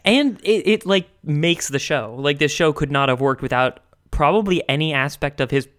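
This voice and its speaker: A male podcast host talks fast and eagerly about old cartoons, laughing often as he explains. His voice runs a little high for a man. His delivery is loose and chatty. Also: fairly bright tone. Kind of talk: casual chat.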